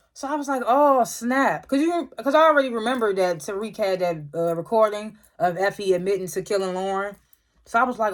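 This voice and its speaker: A reviewer loosely retelling a TV episode in a casual recap, with many "like" fillers and frequent throat clearing. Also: mid-range voice. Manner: loose storytelling, lots of "like" and "was like" retellings.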